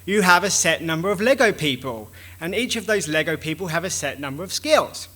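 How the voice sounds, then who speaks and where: A man with a high, bright and forceful voice delivers a conference talk. He speaks with animation and slips into little acted-out exchanges to make his points. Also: fairly quick. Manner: animated, acts out dialogues with shifting voices.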